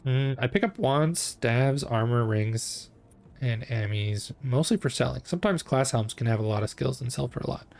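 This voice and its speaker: A man streams a game and chats easily with his viewers, his voice sitting at an ordinary pitch with a gravelly edge. His tone is relaxed and unhurried, a casual running commentary as he plays. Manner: laid-back, chatting with viewers while playing.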